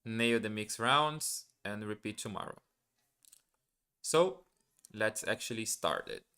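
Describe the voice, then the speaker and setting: Slow, bright-toned man thinking aloud. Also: fairly low pitch, lively intonation, clear, resonant tone. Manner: hesitant, self-questioning, repeats practice words. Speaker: live streamer learning German. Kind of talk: casual live stream, thinking aloud.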